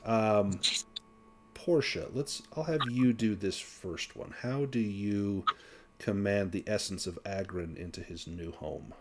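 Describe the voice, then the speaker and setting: Low-voiced male game master narrating. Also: a little mellow, slight background noise. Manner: measured, descriptive storytelling with frequent restarts. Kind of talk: improvised tabletop game narration.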